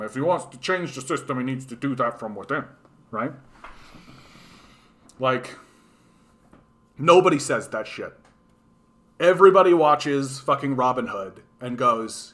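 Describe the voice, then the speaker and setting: Profane, bright-voiced ranting man. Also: medium pitch, normal speed. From Canada. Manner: profane, animated, mocking quoted voices. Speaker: livestream host. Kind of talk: casual ranting monologue.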